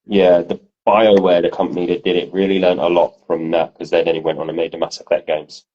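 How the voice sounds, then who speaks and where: A man co-hosting a podcast, telling stories in a casual, animated way and swearing freely. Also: sits low, fairly quick, dull audio. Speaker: podcast co-host. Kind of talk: casual chat.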